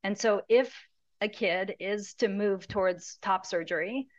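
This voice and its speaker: A woman hosting an interview, asking measured, reflective questions. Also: mid-range voice. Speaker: host and interviewer. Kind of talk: conversational interview.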